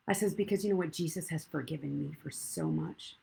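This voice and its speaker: A middle-aged woman pastor preaching live from a church stage, telling a candid personal story and swinging from hushed asides to loud emphasis. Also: low-pitched, animated, fairly quick, creaky, few pauses, husky, low-quality recording.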